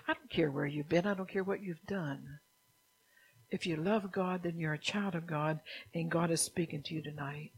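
A woman preaching a sermon who keeps asking the listeners if they understand, sometimes dropping into a soft whisper. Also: sits low, steady tone, normal speed, creaky, husky, rough recording. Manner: drops at times into a soft whisper.

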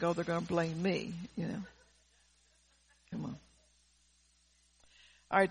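A woman's voice: lowish voice, slightly rough. A woman preacher delivering a fervent sermon, repeating words and phrases for emphasis.

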